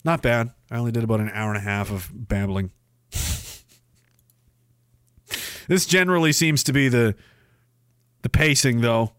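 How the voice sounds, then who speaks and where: A man's voice: medium pitch, moderate pace, long pauses, clean tone, no echo, studio quality. A man hosting a livestream, reacting to clips with profane, mocking commentary. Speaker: livestream host.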